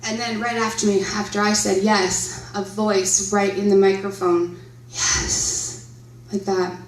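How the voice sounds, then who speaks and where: A woman's voice: medium pitch, level tone, moderate pace. Chatty woman in an echoey hall. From Canada. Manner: chatty, laughs often, asks the crowd questions. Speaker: panel speaker at a horror convention. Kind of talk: live storytelling talk to an audience. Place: convention centre hall. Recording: roomy, distant live hall audio.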